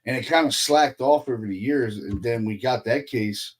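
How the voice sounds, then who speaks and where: A man chatting on a podcast in a middle-range voice, swearing freely as he tells stories. He investigates the paranormal and acts out what people said, often bursting into laughter mid-sentence. Casual and animated throughout. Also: mid-range voice, moderate pace. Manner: profane animated storytelling, acts out quotes.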